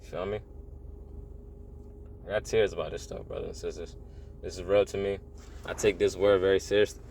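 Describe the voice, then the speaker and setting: A man's voice: low-pitched, steady tone, a little fast, pauses often, a little mellow, slight background noise. A man giving a casual, earnest spiritual monologue, rambling and repeating phrases, often saying "bro". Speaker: religious vlogger.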